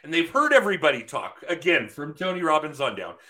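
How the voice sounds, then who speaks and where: A man's voice: on the high side, big pitch swings, fast talker, sharp tone. A man hosting a podcast, talking frankly and swearing casually in loose chat. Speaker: podcast host.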